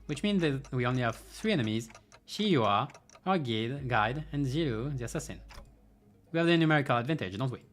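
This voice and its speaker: A man's voice: medium pitch, animated, a little fast. A man playing through a game's story, reading the dialogue aloud and breaking off for dry, sarcastic asides. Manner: dry, sarcastic asides between read lines. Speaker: game streamer.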